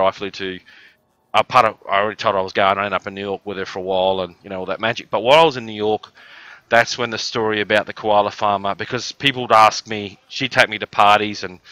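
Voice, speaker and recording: A man's voice: lowish voice, sharp tone, clean tone, dry recording, dull audio. An Australian man from the outback with a cough, telling a rambling, crude, joking story on a live stream. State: has a cough. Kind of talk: casual storytelling.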